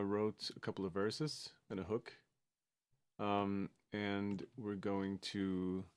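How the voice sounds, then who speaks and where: A man's voice: on the low side, darkish tone, no echo. A man from Sweden, a music producer talking casually on a livestream, hesitant and full of fillers and restarts.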